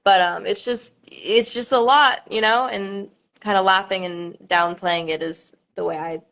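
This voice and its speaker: A young woman in her twenties, a pageant contestant, talking casually on a livestream, halting with lots of ums and nervous laughter. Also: mid-range voice, fairly even intonation, fairly bright tone.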